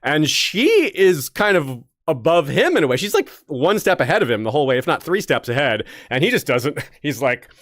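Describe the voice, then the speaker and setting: A man's voice: fairly high pitch, sing-song, moderate pace, hardly any pauses, fairly bright tone, no room sound, studio quality. A man co-hosting a casual discussion show, rambling with restarts and frequent laughs. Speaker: podcast co-host.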